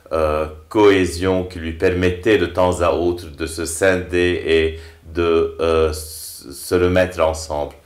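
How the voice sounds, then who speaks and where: A man giving reflective commentary in a measured way, often searching for his words. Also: low-pitched. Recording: echoey room.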